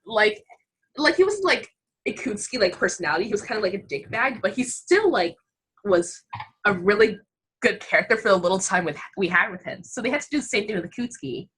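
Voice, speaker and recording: A young woman in casual chat with friends, excitable and rambling, with many fillers. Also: medium pitch, brisk, husky.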